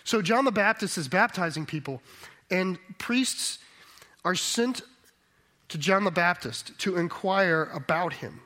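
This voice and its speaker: Male pastor preaching a sermon, bit high voice, thinks out loud then gets emphatic. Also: expressive, unhurried. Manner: thoughtful, reflective, rising to emphatic.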